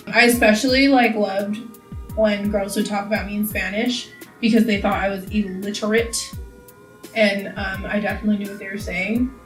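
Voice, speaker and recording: A woman's voice: mid-range voice, recorded from a distance. Young woman, from California, rambling vlog chat, echoey room, voice a little off-mic. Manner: rambling, chatty, lots of "like". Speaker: beauty vlogger. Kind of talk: casual chat while doing makeup.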